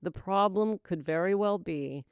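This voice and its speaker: Emphatic middle-aged woman, crisp and dry. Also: lowish voice, unhurried, no echo, muffled recording. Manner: warm, emphatic, calls listeners gals and my dear; dramatic voices and hushed whispers for effect. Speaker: podcast host, sobriety coach. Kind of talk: motivational monologue.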